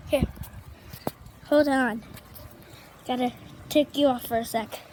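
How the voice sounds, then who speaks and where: A female vlogger with a high, bright-sounding voice, talking slowly and rambling as she shows off her pets, now and then cooing at them. It is a noisy home phone video with rain hissing in the background. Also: steady tone. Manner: chatty, rambling, coos at her dogs in a high voice.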